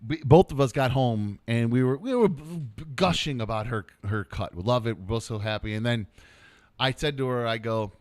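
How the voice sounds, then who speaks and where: A man hosting a casual podcast, chatting and joking, sometimes cooing softly over his dog or playing up a mock game-show voice. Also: mid-range voice, brisk, dry recording. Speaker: podcast host. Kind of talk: casual chat.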